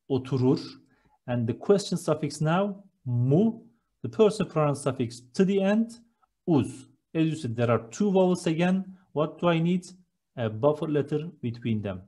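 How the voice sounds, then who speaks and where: Slow, husky-voiced teacher. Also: male voice, fairly high pitch, dark tone. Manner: patient, explains each step while writing. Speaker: language teacher. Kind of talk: slow step-by-step grammar lesson.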